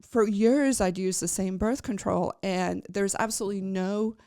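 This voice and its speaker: A woman's voice: medium pitch, fairly even intonation, moderate pace, mellow, clear, resonant tone, no echo, studio quality. A woman podcast host telling a personal story in a chatty, rambling way, with many fillers and restarts.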